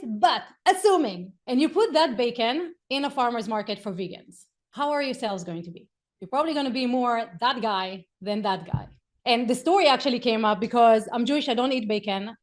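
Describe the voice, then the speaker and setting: A woman coaching on marketing in a lively, conversational way, telling stories and acting out quotes. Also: a little high. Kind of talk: motivational business talk.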